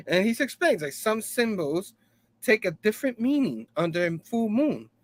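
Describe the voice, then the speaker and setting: Sitting high in pitch and very animated, a man talks at normal speed while hosting a casual comic book review. He's hot and sipping a drink, loosely narrating the story and acting out characters' dialogue, laughing frequently and dropping "you know what I mean" between lines.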